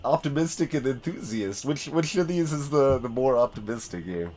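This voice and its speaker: Lively chatty man streaming a game. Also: mid-range voice, normal speed, a little hiss or hum. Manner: chatty, self-deprecating, reads narration aloud. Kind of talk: reading a story game aloud with commentary.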